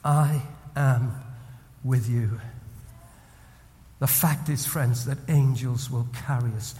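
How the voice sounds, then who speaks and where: A man preaching as a senior pastor, moving between hushed, tender storytelling and loud, rising exhortation. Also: medium pitch, steady tone, slow pace, big-room sound. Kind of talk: sermon.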